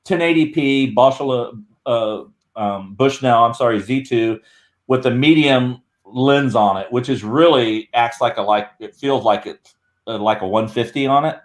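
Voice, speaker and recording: A man's voice: medium pitch, unhurried. A man talking as a guest in a casual video-call chat, rambling and correcting himself as he tells a story. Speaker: guest, Bigfoot researcher.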